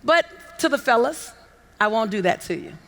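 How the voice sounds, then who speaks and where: A woman giving a motivational keynote on a conference stage, coaxing the audience into call-and-response and building to shouts with repeated phrases. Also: a little high, animated, normal speed. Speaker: motivational speaker. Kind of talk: keynote speech to a conference crowd. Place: large conference hall on stage.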